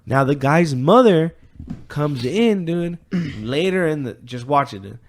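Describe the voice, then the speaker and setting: Male podcast co-host with a slightly raised pitch, telling a story in a swearing, rambling style. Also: lively intonation, unhurried, slight background noise. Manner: profane, rambling retelling with filler words; acts out quoted voices. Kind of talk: casual chat, retelling a story.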